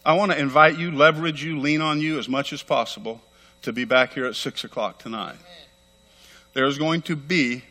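A middle-aged pastor delivers a fervent sermon, pressing his points with quick, emphatic repetition. His voice is bright and forceful, a touch higher than most men's. It rings out with the long reverb of a church sanctuary. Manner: fervent, rapid and emphatic, repeating phrases.

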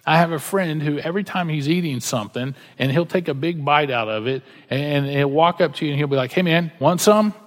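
A man's voice: on the high side, fairly quick, few pauses, long reverb tail. A man preaching a sermon, reading scripture aloud and then explaining it in a casual, conversational way with everyday examples. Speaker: pastor.

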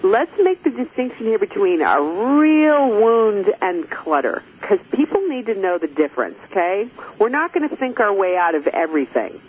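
A woman's voice: mid-range voice, sing-song, normal speed, few pauses, husky. A woman hosting a conversational interview, talking emphatically and expressively and turning often to address her listeners directly. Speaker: host. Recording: muffled lo-fi audio with faint hiss.

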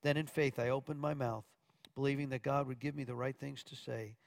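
A man's voice: medium pitch, steady tone, a little fast, vocal fry, no room sound. A man preaching from Arkansas, earnestly telling a testimony story with quoted dialogue and occasional stumbles.

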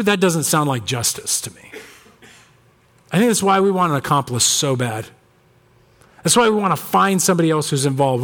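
A male pastor preaching a sermon with impassioned emphasis, swinging from ringing highs to low, grave lines. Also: a bit bright. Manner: impassioned, big swings between high emphasis and low gravity.

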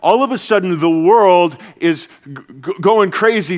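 A man preaching as a pastor to his church, earnest and energetic, dropping to a soft, hushed voice for comforting passages. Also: high voice, a little slow. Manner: earnest, shifts to soft hushed tones when quoting Jesus. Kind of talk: sermon. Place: church service.

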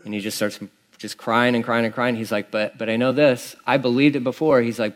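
Man, pastor, sermon, casual rambling storytelling, mid-pitched voice. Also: fairly even intonation, fast. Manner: casual, rambling storytelling with many fillers and restarts. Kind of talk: conversational sermon.

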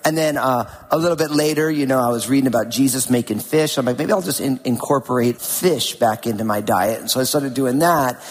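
Husky-voiced pastor from New Jersey. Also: male voice, mid-range voice, fairly quick, hardly any pauses. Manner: casual, conversational, with self-deprecating asides. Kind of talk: sermon with personal storytelling. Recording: long reverb with faint music behind.

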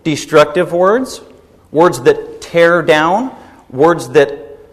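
A middle-aged man preaching a sermon as pastor, animated and rising into emphatic peaks. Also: on the high side, extremely slow. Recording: long hall reverb.

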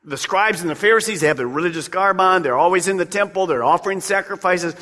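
A man's voice: high voice, fast, pushed and bright. A man preaching a sermon as pastor, talking emphatically and conversationally with direct appeals to his listeners. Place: church sanctuary. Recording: long reverb of a large church hall.

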